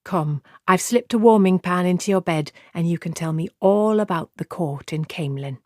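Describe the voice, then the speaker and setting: A man voicing a gentle older tavern woman in an audiobook, soft and soothing. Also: high-pitched, normal speed, no echo, clean studio sound, natural voice. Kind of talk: audiobook character voice.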